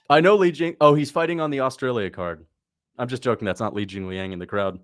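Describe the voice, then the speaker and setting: A man hosting a casual livestream, reacting to a fight as it happens and talking to his chat, breaking into excited shouts at big moments. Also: mid-range voice, quick pace. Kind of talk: casual live commentary.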